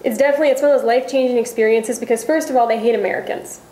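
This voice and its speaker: A woman's voice: fairly high pitch, steady tone, very fast, mellow, slight background noise. Chatty young woman co-host, echoey room. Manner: chatty, storytelling. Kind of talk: casual sports chat. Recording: roomy echo.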